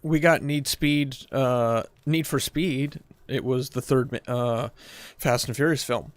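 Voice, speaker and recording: A man's voice: mid-range voice, fairly even intonation, slow, dry recording. A man co-hosting a casual gaming stream, making dry wisecracks while distracted by the game. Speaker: streamer co-host.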